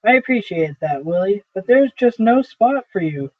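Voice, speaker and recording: A brisk young boss, offhand and dismissive, voiced fairly high by a man reading the play aloud. He chats in a quick, casual way. The audio is thin and phone-like. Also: animated, slight background noise. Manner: chatty, offhand.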